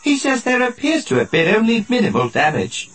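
A nervous male protocol droid in a storybook reading, speaking in a bright, piercing tone with wide, swooping pitch. His speech is prim and overly formal, with a breathy edge. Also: huge pitch swings, fairly quick, heavily acted. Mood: fussy. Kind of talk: audiobook narration.

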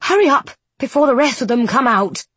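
A woman doing a breathy, brisk nun with a sharp tongue, pitched a little above the storyteller's voice. The husky delivery is close-miked and dry, suited to a storybook reading. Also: expressive, dry recording, exaggerated voice. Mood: urgent.

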